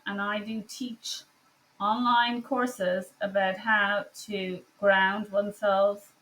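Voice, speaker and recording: A woman physician speaking a personal commentary monologue, passionate and emphatic with frequent pauses. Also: mid-range voice, level tone, fairly bright tone, slight background noise. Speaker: physician and online course teacher.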